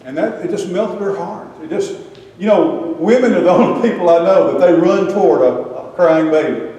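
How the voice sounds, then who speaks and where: An older man preaches in a folksy, joking storytelling way, his voice a bit high but dark and mellow. He sounds distant from the mic, with a long, booming echo of a big hall around him. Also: moderate pace, highs cut off. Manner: storytelling with humorous asides. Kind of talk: folksy sermon with slides.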